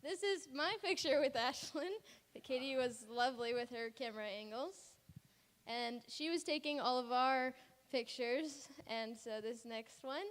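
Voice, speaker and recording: A woman's voice: sits high, measured pace. A woman giving a casual, chatty slideshow report on a mission trip, laughing often as she talks. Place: church sanctuary. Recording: reverberant church hall.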